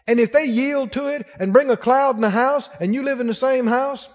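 A man preaching a sermon as pastor, exhorting the congregation and rising to shouts. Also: very high-pitched, fairly quick, long reverb tail, muffled recording.

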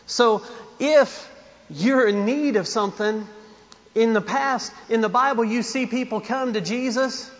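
A man's voice: very high voice, measured pace, muffled recording. A man preaching a sermon, emphatic and repetitive, with asides to the congregation. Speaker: pastor.

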